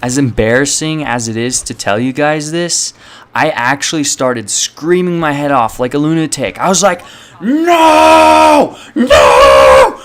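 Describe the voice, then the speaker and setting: Young guy rambling thru a story to his viewers, lots of likes and you knows, cusses a bunch, normal pitch. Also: normal speed, background noise. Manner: rambling, many fillers, swears. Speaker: channel host. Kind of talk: casual storytelling to camera.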